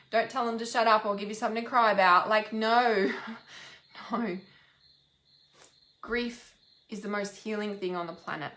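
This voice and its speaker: A woman's voice: medium pitch, fairly bright tone, roomy sound. A woman who works as an intuitive healer, talking earnestly and casually to her viewers and repeating words for emphasis. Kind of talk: casual live talk to viewers.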